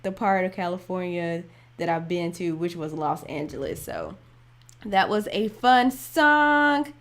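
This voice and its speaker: A woman's voice: lowish voice, lively intonation, a little slow, a bit bright. A woman hosting a music reaction livestream, chatting casually, laughing often and thinking aloud as she reads viewer messages.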